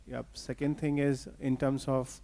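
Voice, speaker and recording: Man with mellow voice asking questions. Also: medium pitch, level tone, unhurried. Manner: rephrases his questions. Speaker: audience member asking questions. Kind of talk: conference Q&A question.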